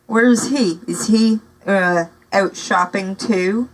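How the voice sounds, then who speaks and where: Woman voicing a sneering soft-spoken villain man. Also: medium pitch, a little slow, rough recording. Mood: menacing. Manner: soft, menacing, scornful. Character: menacing adult male villain, sneering.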